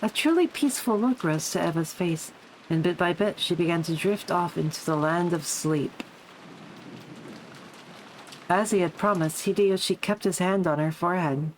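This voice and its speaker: Young woman streamer, visual novel read-aloud with profane asides, slightly low voice. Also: normal speed, a little hiss or hum, poor audio. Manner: swearing, laughing asides. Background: background music and rain.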